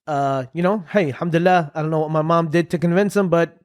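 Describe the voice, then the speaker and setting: Co-host: man, 30s, from a Palestinian family, easygoing rambling storyteller, slightly high voice. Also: quick pace. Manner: relaxed, filler-heavy, says "right?" often. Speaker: podcast co-host. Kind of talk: casual storytelling chat.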